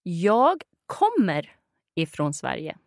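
A Swedish woman with a Swedish accent teaching her native language, encouraging the learner and saying words clearly for him to copy. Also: on the low side, huge pitch swings, takes it slowly, a little mellow, no echo, studio quality. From Sweden. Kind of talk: conversational language lesson.

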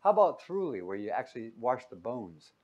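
In a muffled recording, a medium-pitched man speaks fairly quickly as he delivers a Bible lesson as a sermon. Lively and jokey, he quizzes listeners and moves between loud and quiet.

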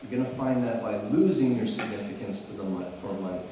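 A man preaching a sermon as pastor, animated and building to emphatic bursts, often restarting his phrases. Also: lowish voice, fast talker, a little hiss or hum. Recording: echoey hall, mic at a distance.

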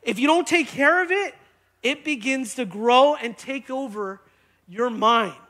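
A man preaching a sermon in church, energetic and conversational, often checking in with the congregation. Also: extremely high pitch, measured pace. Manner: energetic, conversational, keeps asking "right?". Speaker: pastor. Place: church sanctuary.

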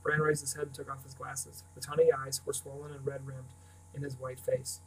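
A man narrating a novel aloud in a steady, even storytelling manner. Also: medium pitch, a little fast, recorded from a distance, a little hiss or hum, low-quality recording. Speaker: reader. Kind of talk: audiobook narration.

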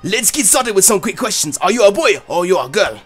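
A man's voice: on the high side, wildly swooping pitch, very fast, creaky, darkish tone, faint music behind, voice pushed down, heavily acted. A man voicing a cheerful, flamboyant male Pokémon professor in a made-up foreign accent, reading game lines theatrically. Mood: grandly welcoming.

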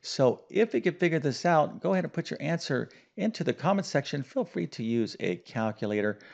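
A man's voice: on the high side, animated, a little fast, gravelly, darkish tone, muffled recording. A middle-aged man teaching a math lesson in an emphatic, upbeat way, full of "okay" and small fillers.

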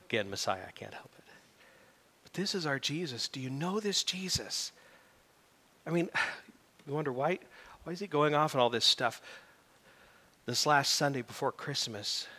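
A middle-aged man preaching a sermon as pastor, animated and building to loud emphatic peaks. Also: mid-range voice, moderate pace, pauses often. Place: church sanctuary. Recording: reverberant church hall.

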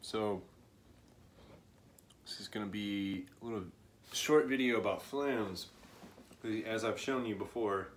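A man giving a casual drum lesson, speaking slowly and counting out beats as he plays. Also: on the low side, a little hiss or hum. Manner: slow, relaxed, counts aloud while demonstrating. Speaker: drum teacher. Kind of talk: casual instructional demo. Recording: echoey room with loud kitchen clatter.

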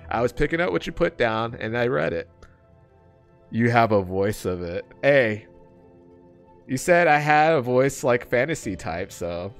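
A male streamer with a gravelly, fry-edged voice at a middle pitch, talking to his chat over a desk mic. He jokes around, laughs a lot and gets loud when viewers tease him. Faint game music plays behind him. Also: expressive, normal speed. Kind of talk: live gameplay stream chat.

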